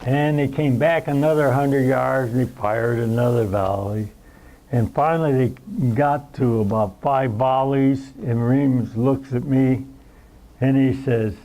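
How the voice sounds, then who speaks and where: A man's voice: mid-range voice, unhurried, warm tone, low-quality recording. Elderly veteran man telling war stories. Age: 90s. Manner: rambling storyteller who acts out the scenes. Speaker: veteran recounting war memories. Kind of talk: spoken war reminiscence at a roundtable.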